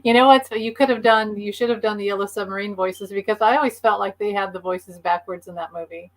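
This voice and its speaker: A woman's voice: mid-range voice, steady tone, fast talker, low-quality recording. Middle-aged woman, host, chatty, enthusiastic, casual video call, mid-range voice. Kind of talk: casual chat on a live stream.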